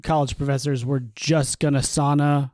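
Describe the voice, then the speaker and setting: A man's voice: mid-range voice, little pitch movement, moderate pace, darkish tone, no echo, studio quality. A man co-hosting a podcast in casual chat, wry and amused. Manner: wry, amused, self-deprecating. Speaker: podcast co-host.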